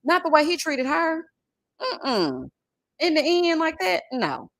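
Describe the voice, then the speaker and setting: A woman in her forties chatting on a livestream, telling an animated, expressive story and thanking viewers. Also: sits high, slow, no room sound. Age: 40s. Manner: animated, expressive storytelling with chat shout-outs. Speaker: livestream host. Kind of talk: casual livestream chat and story time.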